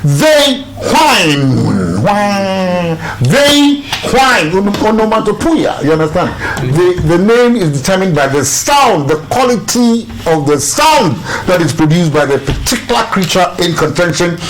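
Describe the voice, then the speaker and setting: A man's voice: high voice, lively intonation, normal speed, hardly any pauses, a little hiss or hum, low-quality recording. A man hosting a TV quiz show, teasing contestants and laughing often as he questions them.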